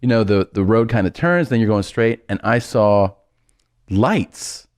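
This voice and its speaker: A man with a fairly low voice tells a rambling story on a podcast. He talks in casual chat, close to a dry mic with no room sound. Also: animated, unhurried, darkish tone, no room sound. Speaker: podcast host.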